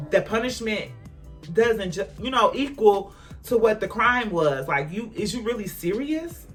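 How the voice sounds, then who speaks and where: A woman vlogger telling a personal story in a casual storytime, emphatic and animated, talking straight to her viewers. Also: medium pitch, a little slow, soft background music.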